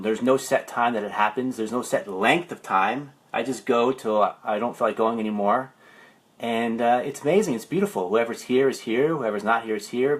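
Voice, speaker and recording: A man, a life coach, talking on a Facebook livestream, rambling through stories and then slowing into meditative phrasing. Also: mid-range voice. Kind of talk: Facebook live talk. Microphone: livestream camera.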